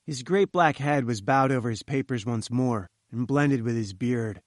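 A man reading a classic novel aloud in measured, earnest narration. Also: mid-range voice, no room sound, studio quality. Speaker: audiobook narrator.

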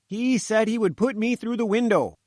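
A man's voice: sits high, moderate pace, darkish tone, no room sound, studio quality, pitched above the performer's own voice, lightly acted. A man voicing a fat little pushy male journalist who sputters and bleats. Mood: pleading.

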